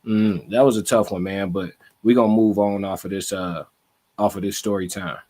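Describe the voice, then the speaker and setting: A man's voice: on the low side, fairly even intonation, normal speed, a little mellow. A man hosting a live stream, reacting to a clip in a laid-back, blunt and profane way. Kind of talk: casual reaction commentary.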